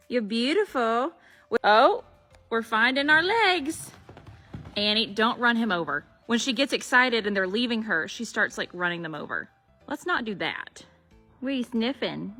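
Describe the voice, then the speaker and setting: A woman with a medium-pitched, pushed, bright voice films her foals in a horse barn and arena. She gushes at them in casual baby talk, vlog-style.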